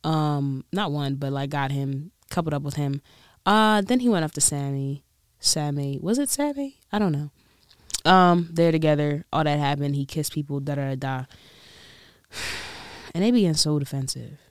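A woman's voice: low-pitched, moderate pace, clear, resonant tone, dry recording, studio quality. A woman chatting casually in a solo vlog, rambling, restarting and laughing as she goes. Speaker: vlogger.

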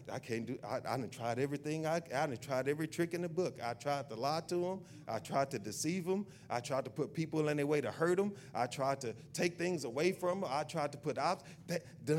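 A man's voice: on the high side, expressive, brisk, few pauses, slight background noise, lightly acted. A man voicing a small, defeated male devil who complains with a stammer. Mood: frustrated.

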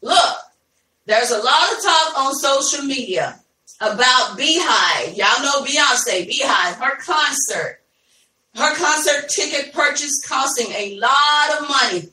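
High-voiced chatty woman podcast host. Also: animated, takes it slowly, pushed and bright. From Ohio, USA. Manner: chatty, addresses listeners as y'all, laughs easily. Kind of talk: casual live podcast chat. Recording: echoey room, voice from a distance.

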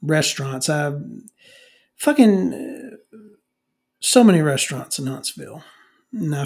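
Profane ranting middle-aged man. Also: fairly high pitch. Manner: profane, ranting, swears constantly; rambling, with many restarts. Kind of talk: comedic podcast rant.

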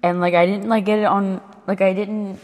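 A woman's voice: mid-range voice, level tone, normal speed, darkish tone, big-room sound. A woman in her twenties chatting casually into a close ASMR mic, rambling with lots of fillers and swearing, sometimes dropping to a whisper. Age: 20s. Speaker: ASMR creator.

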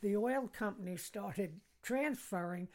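A woman's voice: medium pitch, a little slow. An older woman from the United States, a podcast guest, telling casual stories in a chatty way and laughing at her own anecdotes. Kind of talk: casual storytelling.

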